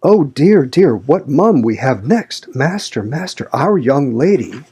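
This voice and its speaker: Male reader as a thoughtless young housemaid: high, gasping, flustered. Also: slow pace, breathy edge, heavily acted. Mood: panicked. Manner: breathless, excited, stammering.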